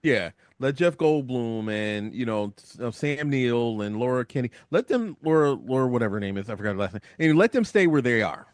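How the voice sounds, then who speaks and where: A man talking casually on a radio show, rambling with lots of fillers and jumping up in pitch when excited. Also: fairly quick, hardly any pauses, clean tone, no echo, studio quality. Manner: animated, rambling, frequent fillers. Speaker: guest commentator. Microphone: studio microphone.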